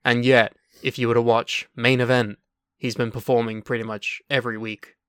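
Sarcastic male podcast co-host, teasing, smooth clear voice. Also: mid-range voice, level tone, normal speed, fairly bright tone, no echo, clean studio sound. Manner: teasing, sarcastic, swears freely. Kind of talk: casual comedic wrestling news chat.

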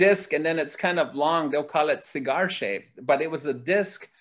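A man telling a story as an interview guest, lively and laughing as he goes. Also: fairly high pitch, moderate pace. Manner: lively, laughs while telling, acts out quoted voices. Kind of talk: animated storytelling.

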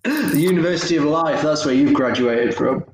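In a relaxed podcast conversation, a male co-host with a fairly high voice talks at normal speed, frequently teasing and breaking into laughter. Faint noise and room echo can be heard.

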